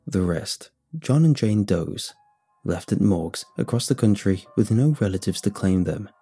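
A man voicing a calm, menacing male secret government agent who delivers threats in a cool, measured way. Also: lowish voice, slightly rough, faint music behind. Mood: cold, calm.

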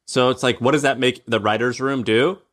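A man's voice: mid-range voice, fairly even intonation, brisk, a bit bright. A man co-hosting a podcast, talking casually with slang and jokes. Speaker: podcast co-host. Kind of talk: casual chat.

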